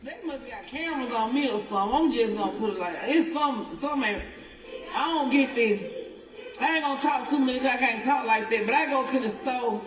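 High-voiced woman rambling in an echoey room. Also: moderate pace, a crowd in the background. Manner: rambling, swearing, laughs as she talks. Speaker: interviewee in a clip. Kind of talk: casual live video talk. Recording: echoey and far from the mic.

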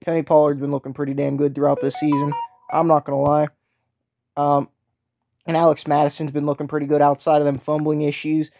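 A man's voice: a little high, steady tone, brisk, no room sound, dull audio, faint music behind, lightly acted. A man voicing a crude, belligerent co-host who speaks with a put-on accent. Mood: brash, crude. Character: brash foul-mouthed male co-host with a put-on accent.

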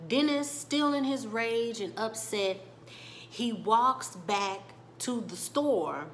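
Female reviewer, casual and chatty, mid-pitched, recapping episodes scene by scene. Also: a bit bright, a little hiss or hum. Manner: chatty, retelling scenes and quoting characters with little laughs. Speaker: TV show reviewer.

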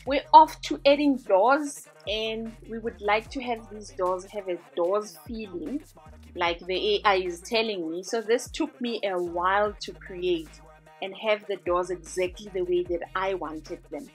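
A woman's voice: mid-range voice, a little slow, faint music behind. A woman hosting a design tutorial, narrating a screen-recording voice-over in an upbeat, chatty way as she walks through each step.

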